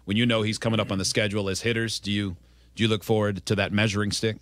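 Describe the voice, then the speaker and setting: A man hosting a casual sports interview, telling stories and quoting people with animated delivery. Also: on the low side, quick pace, no echo. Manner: storytelling, animated quotes. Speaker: radio host.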